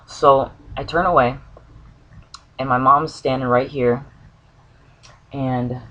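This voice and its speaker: A man's voice: medium pitch, steady tone, takes it slowly, bright, forceful tone, rough recording. A man telling a personal dream story to the camera, earnest and searching for words, with an occasional cough. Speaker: spiritual vlogger.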